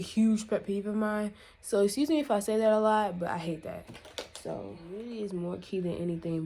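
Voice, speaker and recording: A woman's voice: medium pitch, mellow. A woman vlogger in a casual rant to camera, exasperated and emphatic, lecturing her viewers.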